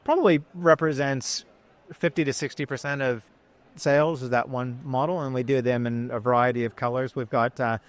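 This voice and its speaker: A man's voice: mid-range voice, fairly even intonation, normal speed. A man, a business founder chatting in an interview, rambling and filling his talk with ums and you-knows. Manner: chatty, rambling, many fillers. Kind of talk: casual interview storytelling.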